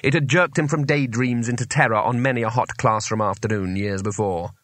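A man narrating an audiobook in a lively storytelling manner. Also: medium pitch, fairly quick, no room sound. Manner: animated, varied storytelling.

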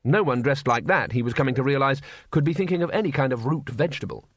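A man narrating a comic fantasy audiobook in a wry, expressive manner. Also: mid-range voice, fast talker, no room sound, studio quality. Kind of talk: scripted narration.

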